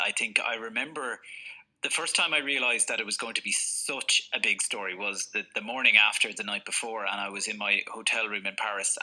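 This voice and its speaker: Bright-voiced man telling stories. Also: lowish voice, slightly rough, rough recording. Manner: animated anecdotal storyteller, acts out voices. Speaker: football journalist. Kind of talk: storytelling in a podcast discussion.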